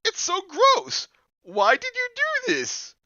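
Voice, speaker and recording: A shrill, bossy teenage girl squealing in a high falsetto, as a man puts her on while reading a spooky storybook aloud. Her lines swoop wildly and stretch out slowly. The sound is dull and lo-fi. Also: wildly swooping pitch, bright, forceful tone, dry recording, heavily acted. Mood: furious.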